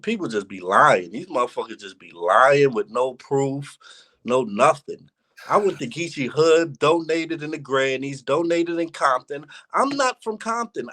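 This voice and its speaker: A man's voice: a little high, fairly bright tone. A young man in a casual interview, telling stories candidly and reflectively in street slang. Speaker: battle rapper, interview guest. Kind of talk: casual conversation.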